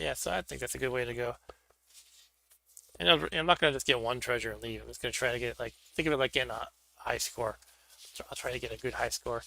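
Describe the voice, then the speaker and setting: Gravelly, bright-voiced man chatting casually. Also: mid-range voice, fairly even intonation, fast, no echo. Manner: chatty, thinking aloud while setting up pieces. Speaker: board game streamer. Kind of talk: casual solo play-through commentary.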